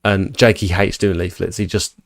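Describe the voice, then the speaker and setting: This podcast host's voice has vocal fry and moves at a moderate pace, captured in a dry recording with clean studio sound. Chatting casually, he tells a story animatedly and acts out the quotes, his pitch rising as he does.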